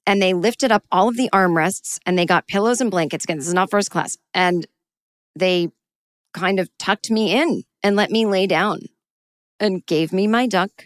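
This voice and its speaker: A middle-aged woman telling a personal story in a lively way, acting out her own frantic voice in sudden high bursts. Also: normal speed, no room sound, clean studio sound.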